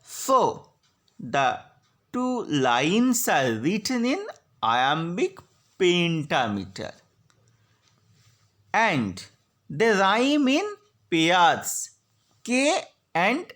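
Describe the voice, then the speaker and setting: A woman giving a slide lecture on poetry, slowly spelling out syllables and stresses. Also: mid-range voice. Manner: slow, deliberate, spelling out syllables. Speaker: literature lecturer.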